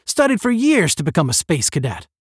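A man plays a confident young space cadet with a smooth, self-assured way of talking. His pitch moves freely, and the sound is dry and close. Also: huge pitch swings, fairly quick, no room sound, heavily acted.

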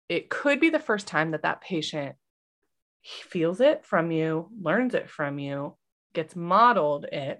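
A woman in her thirties co-hosting a podcast, chatting casually and acting out the voices of people in her story. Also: fairly low pitch. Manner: animated, acts out quoted voices. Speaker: podcast co-host, nurse.

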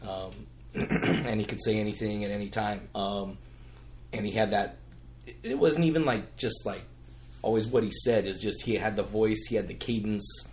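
A man co-hosting a casual podcast, talking quickly with many fillers. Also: fairly low pitch, a little mellow, a little hiss or hum. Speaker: podcast co-host. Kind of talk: casual chat.

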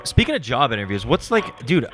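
A man's voice: medium pitch, sing-song, fairly bright tone, soft background music. A man co-hosting a comedy podcast, crude and joking in casual banter. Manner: loose, crude, joking, quick to do impressions. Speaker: podcast co-host.

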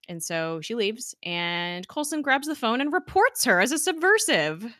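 A woman co-hosting a podcast, recapping a TV episode in casual chat and acting out lines in quick quoted asides. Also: a little high, sing-song, sharp tone, no echo, clean studio sound. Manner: recounts scenes with quick quoted asides, laughs often. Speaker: podcast co-host.

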